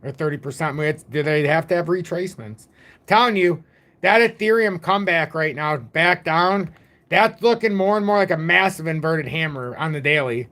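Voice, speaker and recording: A man's voice: a little high, moderate pace, a bit bright. A man in his forties hosting a casual crypto livestream, rambling and joking at his own expense. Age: 40s. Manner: rambling, jokey, self-deprecating. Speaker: crypto channel host.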